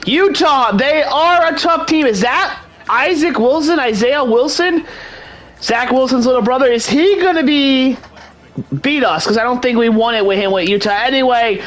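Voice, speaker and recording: Man giving announcer-style game commentary. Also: very high-pitched. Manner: mock-announcer delivery, repeatedly addressing "ladies and gentlemen"; rattles off stats in quick lists. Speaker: gaming channel host. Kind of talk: casual gameplay commentary.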